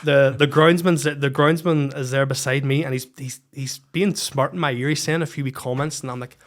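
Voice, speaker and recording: A man with a Northern Irish accent, a football coach guesting on a podcast, telling a story in a lively, swearing, casual way. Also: mid-range voice, normal speed. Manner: animated, swears freely, acts out heated quotes.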